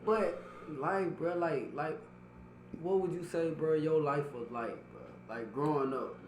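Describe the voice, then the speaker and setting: A man's voice: on the high side, unhurried, roomy sound, noisy background. A man co-hosting a casual podcast while he has the hiccups, talking loosely and profanely and repeating himself. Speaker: podcast co-host.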